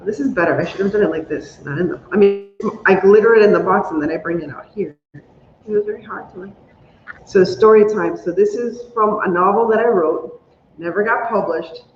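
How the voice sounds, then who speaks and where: A woman hosting a casual crafting livestream, chatty and excitable, squealing when she is delighted. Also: mid-range voice, a little fast, soft background music. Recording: roomy, dull lo-fi sound with faint hum.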